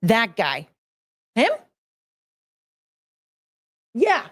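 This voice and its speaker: A woman in her thirties, her voice fairly high, speaks extremely slowly in a clean studio recording with no echo. Hosting a casual show, she reads chat and answers it bluntly, with some profanity, animated energy, and mocking voices for quotes.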